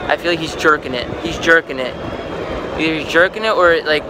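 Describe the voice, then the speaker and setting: A man's voice: fairly high pitch, fast talker. A young man vlogging outdoors at night on a street and a parking garage roof, joking with a friend and laughing often, recorded on a handheld camera mic with passing cars around him. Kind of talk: casual vlog chat. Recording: noisy outdoor camera audio. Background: street noise, passing cars.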